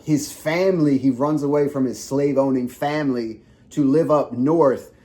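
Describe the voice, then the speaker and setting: A man's voice: medium pitch, moderate pace, warm tone. A young man co-hosting a podcast, rambling in casual chat with heavy swearing and lots of fillers. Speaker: podcast co-host.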